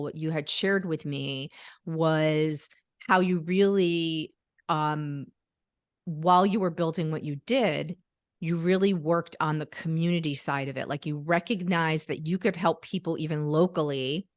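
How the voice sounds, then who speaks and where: Low-voiced woman hosting an interview. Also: unhurried, dry recording, studio quality. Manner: warm rambling lead-in questions with fillers. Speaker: podcast host.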